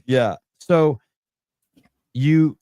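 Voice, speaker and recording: A man's voice: fairly high pitch, extremely slow, mellow, smooth, no room sound. A man hosting a podcast in casual chat, rambling and profane, often restarting his sentences. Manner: many restarts and fillers. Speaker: podcast host.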